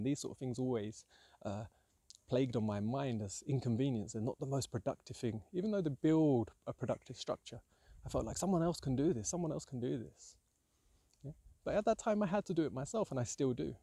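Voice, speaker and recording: A man's voice: mid-range voice, gravelly, dark tone, slightly rough, no room sound. A man talking earnestly in a rambling, reflective monologue, often saying "yeah" and "like". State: hungry, about 60 hours into a fast. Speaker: vlogger sharing fasting tips.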